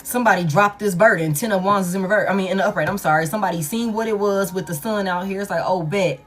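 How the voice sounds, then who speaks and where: Woman, tarot reader, casual collective reading, blunt, profane, repeats for emphasis, mid-pitched voice. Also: fast talker, faint music behind.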